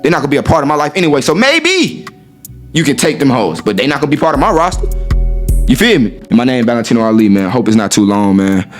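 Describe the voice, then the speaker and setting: A dating talk host with a mid-range voice delivers a fast, very animated casual monologue to his viewers over soft background music. Brash, profane and swaggering, he acts out what others said, voicing the women he quotes in a raised voice.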